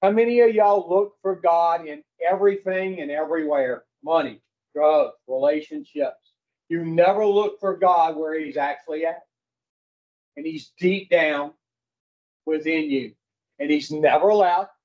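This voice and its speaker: Man, high for his sex, blunt folksy recovery group speaker; dull lo-fi recording. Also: unhurried. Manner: folksy, blunt, swears, quizzes the audience. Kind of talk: casual teaching talk to a group.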